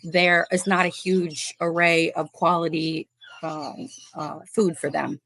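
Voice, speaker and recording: A woman's voice: fairly low pitch, little pitch movement, slow pace, slight background noise. A woman from Chicago, a guest on a podcast, talking casually and chattily with lots of fillers. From Chicago, USA. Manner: chatty and warm, laughs often, many fillers. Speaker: podcast guest, animal rescuer. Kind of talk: casual interview chat.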